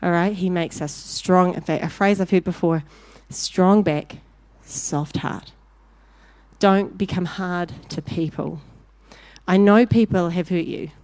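A woman preaching a sermon, telling a story with lively acted-out voices before turning to direct exhortation. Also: lowish voice, takes it slowly, no room sound. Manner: animated storyteller, acting out voices in anecdotes.

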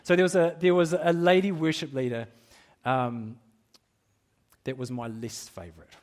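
A man's voice: on the high side, little pitch movement, moderate pace. Candid, chuckling man preaching a sermon. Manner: candid, self-deprecating, laughs often, many restarts. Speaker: pastor.

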